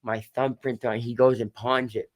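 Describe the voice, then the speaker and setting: A man's voice: medium pitch, flat delivery, moderate pace. A man with a Boston accent telling his story as a podcast guest, candid and rambling, swearing and repeating himself. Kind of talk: casual storytelling.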